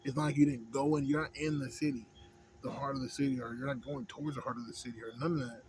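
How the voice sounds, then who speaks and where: A man rants to camera in a loose, profane vlog monologue. He circles back on his points and keeps checking in with "you know what I'm saying." His voice sits at an ordinary middle pitch, with a faint hiss of noise behind it. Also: steady tone, quick pace, darkish tone. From Houston, Texas. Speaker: vlogger.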